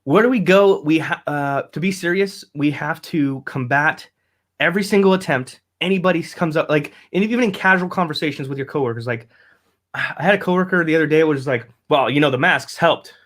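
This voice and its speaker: A man's voice: fairly high pitch, brisk, a bit bright. A man, hosting a casual live-stream podcast, rambling, cursing and laughing often as he reads out viewer comments. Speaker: podcast host.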